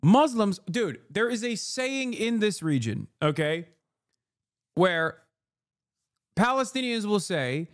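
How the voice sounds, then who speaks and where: A man streaming political commentary, ranting in profane, exasperated, fast bursts with frequent fillers. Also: high voice, sing-song, no room sound, studio quality. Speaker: streamer reacting to clips.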